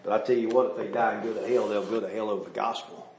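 A man, a pastor preaching a sermon, telling folksy stories that rise into shouts. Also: lowish voice, fairly even intonation, quick pace, reverberant. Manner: folksy storytelling, rising to shouts.

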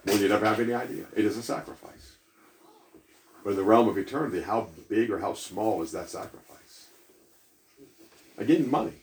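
A man's voice: fairly low pitch, brisk, pauses often. A man preaching a sermon in a church, talking conversationally and putting questions to the congregation. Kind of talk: sermon with a storytelling aside. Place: church hall. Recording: echoey hall, mic at a distance, faint noise.

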